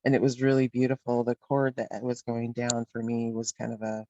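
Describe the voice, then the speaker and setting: A woman's voice: very deep voice, little pitch movement, moderate pace, mellow, lo-fi sound, a little hiss or hum. A woman participant sharing a personal experience in a group, reflective and hesitant with many fillers. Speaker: workshop participant.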